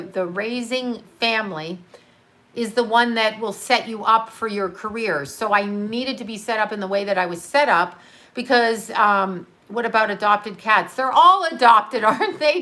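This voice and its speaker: A woman's voice: mid-range voice, normal speed, bright, forceful tone. A woman chatting casually on a livestream as a psychic medium, answering viewer questions bluntly, swearing freely and laughing often. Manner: talks straight to her chat, reads out comments and riffs.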